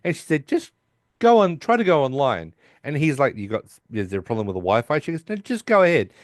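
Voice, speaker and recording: A man's voice: mid-range voice, big pitch swings, brisk, no room sound, studio quality. Man animatedly retelling a sitcom episode. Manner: retells scenes by acting out the characters' lines. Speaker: podcast host. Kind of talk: casual recap of a sitcom episode.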